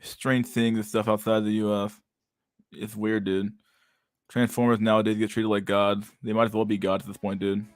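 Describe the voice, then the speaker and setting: A man's voice: lowish voice, level tone, normal speed, no room sound. A young man reacting to videos in casual, profane commentary, incredulous and sarcastic, who keeps calling people dude. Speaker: stream host reacting to videos.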